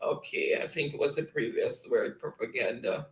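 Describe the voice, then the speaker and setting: A man's voice: mid-range voice, moderate pace, reverberant. A man with a Jamaican accent co-hosting a live stream, reading viewer comments aloud with frequent laughs. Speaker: live show co-host reading chat. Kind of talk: casual live-stream chat.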